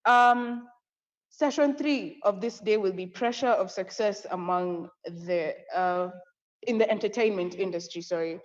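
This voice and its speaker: A woman's voice: medium pitch, measured pace. A young woman with a Kenyan accent runs through a conference agenda with breathless enthusiasm, laughing easily as she goes. Her voice sits in the middle range. The recording is dull and lo-fi, with a long echo around her. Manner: effusive, excitable, laughing often. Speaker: conference co-host. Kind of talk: live online event hosting. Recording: echoey, dull lo-fi audio.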